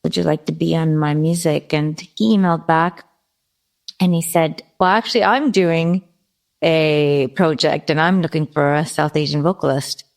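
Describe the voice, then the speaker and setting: A woman's voice: sits low, fairly even intonation, normal speed, gravelly. A middle-aged woman, a guest vocalist, telling a long story in an interview and often correcting herself as she goes. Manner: rambling, self-correcting storyteller.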